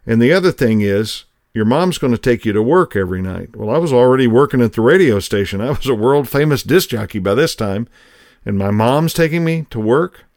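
A man's voice: mid-range voice, lively intonation, fairly quick, a little mellow, no echo, studio quality. A middle-aged man hosting a podcast, telling a personal story in a folksy, conversational way. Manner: folksy, conversational, acts out quoted voices. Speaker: podcast host.

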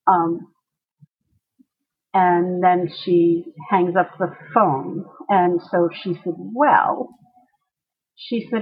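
Husky woman telling a personal story. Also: on the low side, extremely slow, long pauses, dull audio. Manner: animated, acts out quoted voices. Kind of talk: personal story told to a listener.

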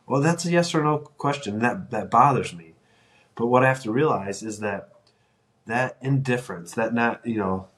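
A middle-aged man with a somewhat low voice hosts a solo podcast. He talks to listeners in an earnest, encouraging way and often stops and restarts his sentences as he thinks aloud. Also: a little fast, a bit bright. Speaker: podcast host.

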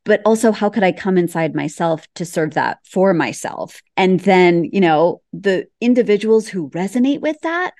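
Reflective woman host, lowish voice. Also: expressive, normal speed, few pauses, darkish tone, no room sound, studio quality. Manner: reflective, sums up what she heard. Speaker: podcast host. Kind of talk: podcast conversation.

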